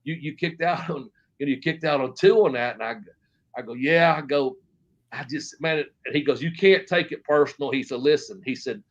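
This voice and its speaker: A man's voice: mid-range voice, moderate pace, highs cut off. Profane middle-aged man telling stories. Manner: rambling, profane, frequent restarts and quoted dialogue. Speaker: interview guest. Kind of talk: casual storytelling.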